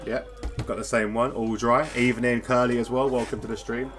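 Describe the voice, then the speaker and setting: A man's voice: medium pitch, flat delivery, normal speed, music in the background. Chatty man commentating sim racing. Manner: chatty, rambling, self-deprecating. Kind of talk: live esports race commentary.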